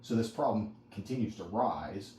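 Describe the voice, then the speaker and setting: Man, dog trainer, mellow voice, informal rambling teaching talk, distant mic, echoey room. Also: lowish voice, lively intonation, moderate pace, a little hiss or hum. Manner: conversational, rambling with anecdotes and asides.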